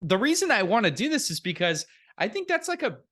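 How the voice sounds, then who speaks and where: A man's voice: high-pitched, sing-song, fairly quick, a bit bright. A man co-hosting a podcast in casual chat, laid-back and joking, laughing often and swearing freely. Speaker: podcast co-host.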